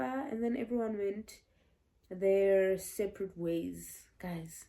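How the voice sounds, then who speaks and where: A woman in her twenties telling a personal story to her viewers in a chatty, animated way. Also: mid-range voice, slow pace, creaky. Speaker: vlogger. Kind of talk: story time vlog.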